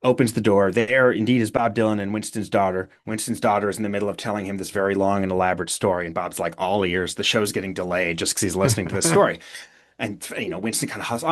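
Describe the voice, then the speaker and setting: Low-voiced man telling stories. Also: quick pace. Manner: animated storyteller, frequent fillers and restarts. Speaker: author and podcast guest. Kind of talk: casual anecdote-telling.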